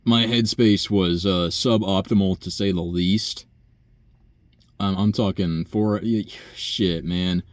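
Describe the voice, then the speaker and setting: A man's voice: low voice, fairly even intonation, slow, no echo. A young man, a nursing home worker, telling a long profane story in a rambling, sighing way. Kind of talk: casual rant monologue.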